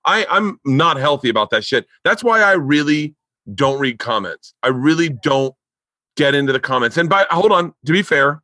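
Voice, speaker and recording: Man, 40s, podcast host; lively yarn-spinner, bright tone. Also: moderate pace, dry recording. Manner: animated storyteller who jumps to loud high outbursts when quoting himself. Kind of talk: casual chat.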